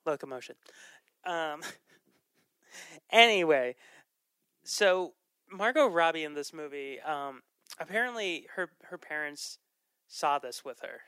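Bright, crisp-voiced podcast host. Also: medium pitch, expressive, slow, pauses often, no echo. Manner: chatty, laughs often, trails off with ums. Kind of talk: casual movie chat.

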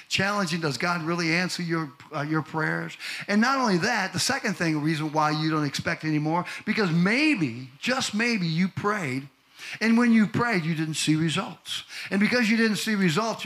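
A male pastor preaching a sermon to a congregation, building from calm talk to loud shouted peaks. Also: sits high. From Missouri. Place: church in front of a congregation.

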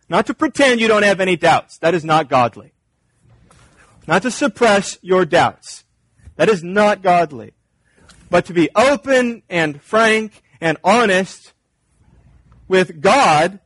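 A man's voice: sits high, a bit bright, husky, no echo. Earnest preacher man with a dry sound. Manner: earnest, emphatic, repeats key phrases. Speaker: pastor. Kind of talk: sermon.

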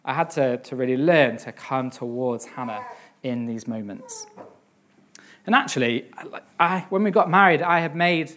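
A young man giving a sermon on a psalm, reading scripture earnestly and then talking it through with many pauses, fillers and repeated words. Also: medium pitch, expressive, a bit bright. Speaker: preacher.

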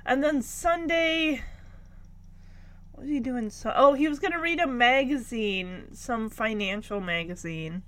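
A woman's voice: on the high side, unhurried, a bit bright. Chatty woman recapping a show. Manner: chatty, acts out lines from the scenes. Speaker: podcast host recapping a sitcom. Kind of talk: casual recap chat.

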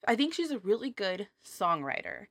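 A woman's voice: medium pitch, very animated, moderate pace, fairly bright tone, dry recording. A woman co-hosting a casual podcast while recovering from a cold, frank and giggly. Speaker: podcast co-host. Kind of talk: casual chat.

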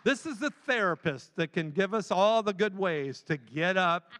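A man's voice: sits high, animated, moderate pace, fairly bright tone. A man preaching as a guest speaker, urging the listeners with emphatic, repeated phrases. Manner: repetitive, emphatic exhortation. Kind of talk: sermon. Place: large church sanctuary. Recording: long hall reverb.

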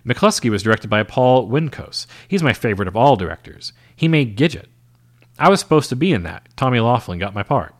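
A man putting on an eager middle-aged cowboy actor, anxious to please and quick to fret. His voice lifts a little above the reader's own. It carries an earnest, self-conscious energy. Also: mid-range voice, sing-song.

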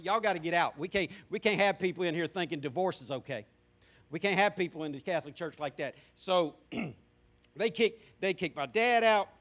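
Southern man, middle-aged pastor, folksy sermon storyteller, bright tenor voice. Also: high voice. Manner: folksy storytelling with repeated restarts. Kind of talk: sermon testimony. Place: church sanctuary with congregation.

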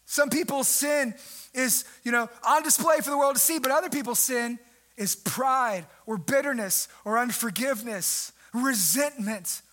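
A young man preaching a sermon, animated, with sudden jumps in pitch and loudness for emphasis, mimicking the people in his story. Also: unhurried. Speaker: pastor.

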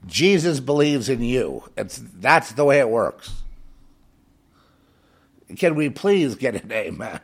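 A man's voice: mid-range voice, sing-song, slow pace, long pauses, husky. A man preaching on air in a fervent, scornful monologue, hammering points home by repeating phrases. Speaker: radio preacher.

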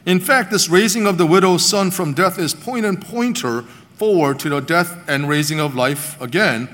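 Animated male preacher in a reverberant hall. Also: high-pitched, normal speed. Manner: animated storytelling, voicing biblical characters. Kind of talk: sermon.

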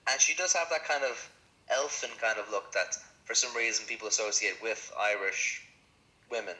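A man's voice: lowish voice, normal speed, bright, forceful tone, rough recording. A man co-hosting a film podcast in casual chat, prompting the others with questions. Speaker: podcast co-host.

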